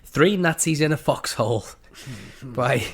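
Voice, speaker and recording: A man's voice: mid-range voice, expressive, measured pace, husky. A man with a slight cold, co-hosting a comedy podcast and reading a bad screenplay aloud, often breaking into laughter. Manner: reads with frequent laughter. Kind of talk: comedic script reading with put-on voices.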